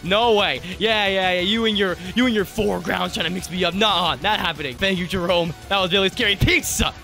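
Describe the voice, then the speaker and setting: High, bright-voiced jumpy gaming commentator. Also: male voice, fairly quick, vocal fry. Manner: jumpy, joking, yelps and laughs. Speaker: gaming YouTuber. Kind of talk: let's play commentary. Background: game music.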